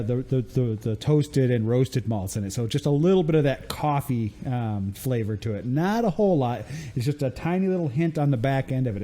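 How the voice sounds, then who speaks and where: A man hosting a casual podcast, describing a beer in an easygoing, halting way. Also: mid-range voice, mellow. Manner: easygoing, halting, laughs along. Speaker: podcast host.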